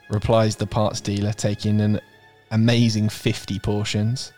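A man's voice: lowish voice, steady tone, moderate pace, darkish tone, faint music behind. Sweary man reading fan fiction aloud. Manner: irreverent, sweary, amused asides. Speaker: podcast host.

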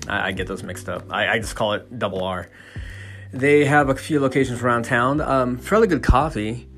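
A man's voice: mid-range voice, moderate pace, fairly bright tone, soft background music. A man ranting casually as a podcast host, swearing and stumbling over restarts and fillers. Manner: profane, stammering restarts and fillers. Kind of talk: casual opinion rant.

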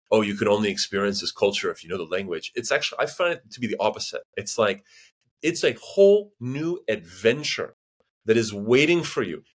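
A man from the United States in his thirties, a guest on a casual interview, speaks in a fairly low voice. He tells stories in an animated way, full of fillers and restarts, and acts out other people's voices. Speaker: guest linguist.

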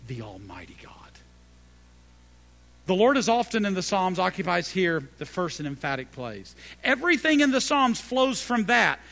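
This sermon comes from a middle-aged pastor with vocal fry who speaks at normal speed with big pitch swings. He moves between hushed low lines and loud emphatic peaks, driving points home by repeating key phrases.

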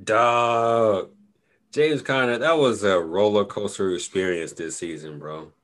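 A man with a low, deep voice talks in relaxed, casual podcast chat. He rambles easily and leans on fillers as he makes his points. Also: takes it slowly. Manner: laid-back, rambling, lots of "you know". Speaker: podcast co-host. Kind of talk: casual fantasy football chat.

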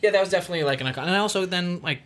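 A male actor with a high-pitched, very fast voice tells a funny story in casual conversation. It's a lively anecdote, and he laughs often along the way.

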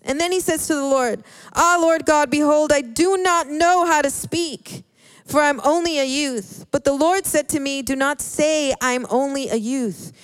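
A woman preaching a sermon in an earnest, halting way, often restarting her words. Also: high voice, no room sound. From Hispanic background.

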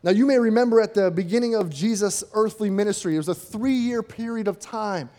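A man's voice: extremely high pitch, darkish tone. A man preaching a sermon in a conversational way, asking rhetorical questions and acting out quotes.

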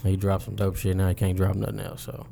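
A man's voice: low voice, monotone, quick pace, gravelly, mellow, slight background noise. A man, a rapper, talking about his music in a loose, slangy interview chat. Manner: laid-back, slangy, loose storytelling. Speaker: rapper guest.

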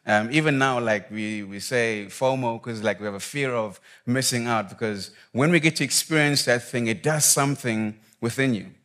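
A man's voice: medium pitch, normal speed, hardly any pauses, fairly bright tone. A young man preaching in a casual, conversational way, reading scripture, praying and telling a personal story with slang and fillers.

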